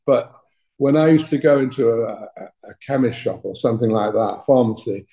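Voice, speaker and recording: An older Englishman speaks with a soft, mellow tone and an English accent. He tells blunt, colourful stories about his years in music management. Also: medium pitch, moderate pace, low-quality recording. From England. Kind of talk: interview anecdotes.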